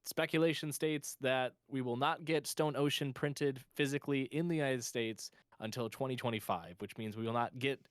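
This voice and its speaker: A man co-hosting a casual podcast, talking in a rambling, excited way as a fan. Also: medium pitch, normal speed, few pauses, no echo, studio quality. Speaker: podcast co-host.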